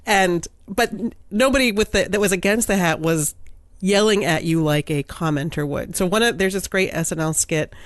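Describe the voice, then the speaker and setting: Woman podcast co-host, halting delivery with restarts, dry close sound. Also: fairly low pitch, no echo. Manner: halting, restarts her sentences. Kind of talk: casual podcast interview.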